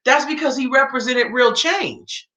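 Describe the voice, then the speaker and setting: Woman, reaction commentary rant, rhetorical questions, bright voice, roomy echo. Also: sits high, unhurried, highs cut off. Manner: emphatic, rhetorical questions, informal. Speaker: political commentator.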